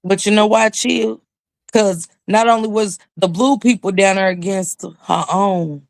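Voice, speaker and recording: A woman's voice: medium pitch, measured pace, gravelly, no room sound, studio quality. A woman talking as a YouTube commentator in a casual livestream chat, with emphatic, preachy storytelling.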